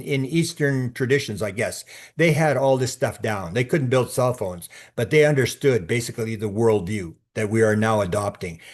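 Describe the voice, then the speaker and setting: A man talking as a podcast guest in a casual, storytelling way, often restarting and repeating words as he goes. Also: medium pitch. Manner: acts out quoted speech in his stories.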